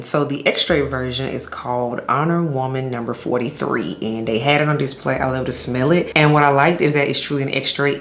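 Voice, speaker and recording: A woman's voice: very deep voice, slight background noise. A woman chatting to camera as a fragrance reviewer, enthusiastic, calling her viewers y'all. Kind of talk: casual vlog chat to camera. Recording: echoey room with faint ambience.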